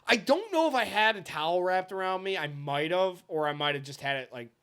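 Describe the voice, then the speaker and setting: A young man in his twenties co-hosts a casual podcast and tells a story with plenty of swearing. His voice sits a little high and swings widely in pitch, and now and then he breaks into loud shouted impressions. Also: animated, brisk, smooth. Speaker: podcast co-host.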